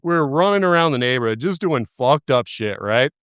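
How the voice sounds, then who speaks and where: A man's voice: medium pitch, animated, brisk, fairly bright tone, clean tone, no echo, clean studio sound. A man in his thirties on a casual podcast, telling family stories with heavy swearing and frequent laughter. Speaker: podcast guest.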